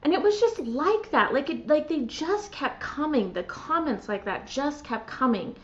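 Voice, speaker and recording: A middle-aged woman hosting a podcast, telling a personal story in an animated, run-on way full of fillers. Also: high-pitched, normal speed. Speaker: podcast host. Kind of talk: casual conversational storytelling. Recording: muffled lo-fi audio.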